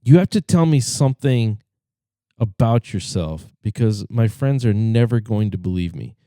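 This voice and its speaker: A man voicing an excitable, pushy young partygoer as he tells a joke. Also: fairly low pitch, normal speed, no echo, clean studio sound. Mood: excited.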